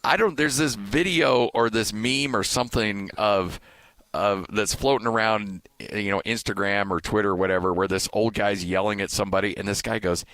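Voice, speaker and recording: Podcast host guy, low voice, animated story, does the voices loud, dry close mic. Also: moderate pace, dry recording. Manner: animated storyteller, acts out quotes with a raised voice. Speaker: sports radio broadcaster and podcast host. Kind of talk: casual podcast chat, telling a story.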